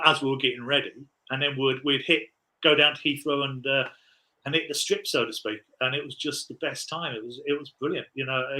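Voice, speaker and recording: A man's voice: fairly high pitch, bright, forceful tone, poor audio. A man in his forties, a podcast guest, telling rambling, laughing anecdotes in casual chat.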